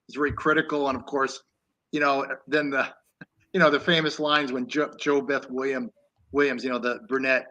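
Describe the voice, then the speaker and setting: A man's voice: mid-range voice, flat delivery, moderate pace, bright, forceful tone, rough recording. A man co-hosting an online talk show, chatting loosely about an old film with many restarts. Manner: rambling, with many restarts and laughs. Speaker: co-host. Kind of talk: casual film discussion.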